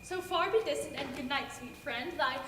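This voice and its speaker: A young woman playing a modest, gentle young woman in love, speaking soft verse on stage in an echoey hall, heard from afar. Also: high-pitched, moderate pace, close to an everyday voice. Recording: echoey hall from far off, with noise.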